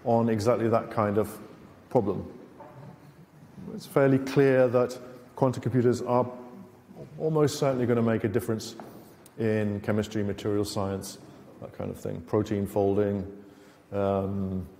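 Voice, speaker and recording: A middle-aged British man speaks in a low, dark, mellow voice. He lectures on a technical subject, hesitating with fillers and adding dry, sarcastic asides. His voice rings out through a reverberant university lecture theatre. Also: steady tone, a little slow, slight background noise. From Britain. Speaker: conference speaker.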